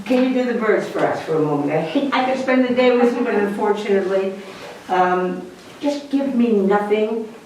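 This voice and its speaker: An older woman giving a piano masterclass, coaching a student and telling lively stories. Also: mid-range voice, fairly quick, a little hiss or hum. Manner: animated storyteller, coaching directly. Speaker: piano teacher. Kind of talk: masterclass teaching. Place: large hall with piano. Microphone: distant room mic. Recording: echoey hall from far off. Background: piano playing.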